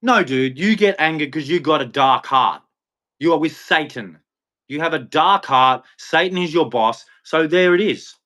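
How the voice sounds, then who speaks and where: A man's voice: on the high side, animated, moderate pace, sharp tone. A middle-aged Australian man hosting a live stream, taunting viewers in a combative rant full of "dude". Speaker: livestream host.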